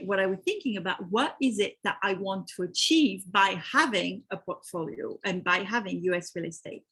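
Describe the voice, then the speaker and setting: Husky French-accented woman hosting a webinar. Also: mid-range voice, a bit bright. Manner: chatty, reads out attendee names. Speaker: webinar host. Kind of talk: live webinar presentation.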